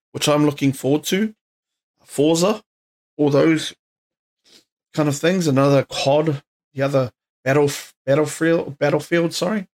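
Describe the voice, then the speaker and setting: A man with a New Zealand accent hosting a solo podcast, rambling and tired, full of slang, swearing and fillers. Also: fairly high pitch. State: tired, yawning. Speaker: podcast host. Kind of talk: casual solo podcast chat. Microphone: podcast microphone.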